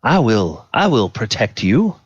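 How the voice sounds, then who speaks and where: A man's voice: fairly low pitch, sing-song, a little slow, breathy edge, no room sound, muffled recording, exaggerated voice. A man voicing a pompous, flowery nobleman in a tabletop game, overly polite and gallant. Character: pompous gallant nobleman in oversized white hat.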